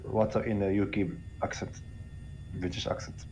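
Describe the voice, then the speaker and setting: A man speaks on voice chat in halting, broken English, pausing often on fillers. Faint noise sits under his voice. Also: fairly low pitch, flat delivery, a little mellow. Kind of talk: casual voice-chat banter.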